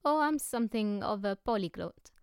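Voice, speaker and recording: A woman reading the lines of a mysterious foreign male professor, grave and courteous in an unhurried way. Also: medium pitch, lively intonation, clean tone, dry recording, studio quality, lightly acted. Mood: composed.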